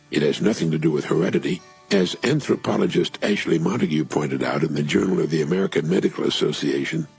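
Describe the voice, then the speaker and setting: Older male motivational speaker, low husky gravelly voice, earnest radio talk, lively inflection. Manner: measured, earnest, stresses key words. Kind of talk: scripted inspirational radio talk.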